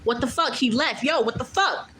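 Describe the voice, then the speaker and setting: A woman's voice: sits high, normal speed, lightly acted. A woman voicing a furious, foul-mouthed ringleader. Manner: swearing, indignant outburst.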